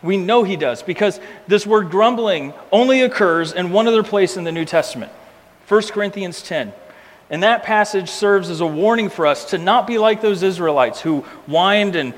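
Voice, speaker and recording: A man preaching a sermon emphatically, repeating key words and slowing down for effect. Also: high voice, in a large hall. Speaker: pastor.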